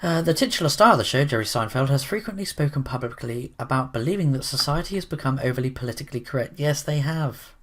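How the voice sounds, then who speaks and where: A man's voice: medium pitch, expressive, fast, few pauses, a bit bright. A man giving opinionated commentary in a rambling, sarcastic way, full of restarts and asides. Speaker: commentary vlogger.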